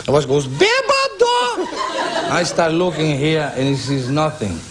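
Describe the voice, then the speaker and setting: A man's voice: on the high side, normal speed, heavy background noise. A man from Brazil, telling a joke on a talk show, laughing through it. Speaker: comedian. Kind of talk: stand-up storytelling on a talk show.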